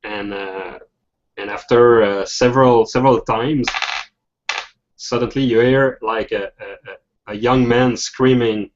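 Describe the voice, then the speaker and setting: A man narrating a tabletop game as game master, halting and laughing between phrases. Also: medium pitch, fairly even intonation, slight background noise. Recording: dull lo-fi recording.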